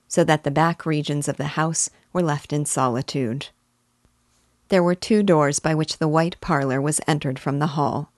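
A woman teacher reading a classic novel aloud in a measured, deliberate way. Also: low voice, no room sound, studio quality.

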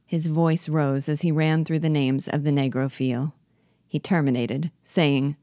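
A woman reading a classic novel aloud in a measured, even storytelling manner. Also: deep voice, no room sound, clean studio sound. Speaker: narrator.

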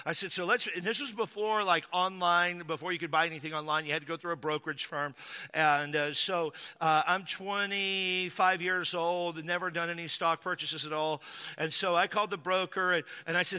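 A man's voice: high-pitched, fairly even intonation, brisk, pushed and bright, smooth. A man pastor preaching a sermon, telling a humorous personal story before building into emphatic preaching. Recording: long hall reverb.

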